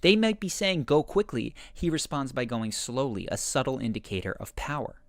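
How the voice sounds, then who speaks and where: A man narrating a scripted video essay that explains confident behavior, in a measured, explanatory way. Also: mid-range voice, very animated, no room sound. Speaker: commentator analyzing a TV character.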